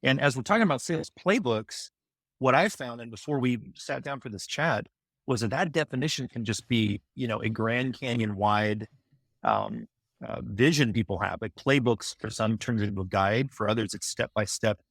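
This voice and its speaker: A man's voice: mid-range voice, very animated, moderate pace, vocal fry, fairly bright tone, dry recording, clean studio sound. A man hosting a podcast interview, enthusiastic and rambling as he builds up his questions. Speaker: podcast host.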